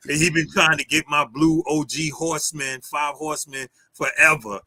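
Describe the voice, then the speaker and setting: A man's voice: on the high side, fairly even intonation, a little fast, hardly any pauses, sharp tone, no echo. A man talking casually on a livestream, telling stories in loose street slang, saying "yo" a lot. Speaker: guest. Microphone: streaming call mic.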